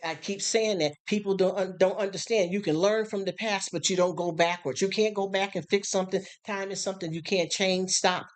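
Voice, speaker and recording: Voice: mid-range voice, fairly even intonation, fairly quick, few pauses. A preacher giving informal street-style preaching on a live stream, speaking conversationally and repeatedly checking in with the listeners.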